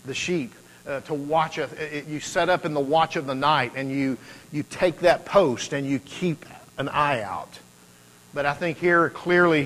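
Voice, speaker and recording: A man's voice: medium pitch, fairly bright tone, poor audio. A man preaching a sermon, talking conversationally and building to emphatic peaks. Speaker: pastor.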